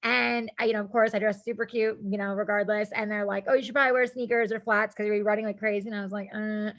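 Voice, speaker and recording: A woman guest on a podcast, telling a story in casual chat, animated, laughing often and acting out what people said. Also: mid-range voice, quick pace. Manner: animated, laughing, acts out quotes, casual swearing.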